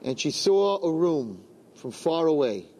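A man's voice: a little high, big pitch swings, unhurried, vocal fry, a little mellow. A man telling a religious story to a gathering, often repeating phrases and glossing Hebrew terms in English. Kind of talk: storytelling talk.

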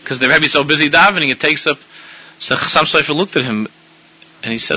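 A man, a rabbi, giving a sermon full of animated storytelling with frequent restarts, in a dull lo-fi recording. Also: a little high, fast talker, breathy edge.

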